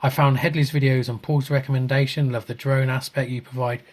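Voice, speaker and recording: A podcast co-host reads viewer comments over a video call in a mid-range voice, speaking a little fast. He's relaxed, chuckles often, and stumbles and restarts.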